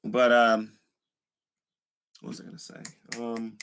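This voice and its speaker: A man's voice: medium pitch, completely flat delivery, slow pace, a bit bright, a little hiss or hum. A man who does street evangelism, talking casually and earnestly about faith, rambling with many fillers. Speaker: Christian YouTuber, street evangelist. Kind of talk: casual preaching talk.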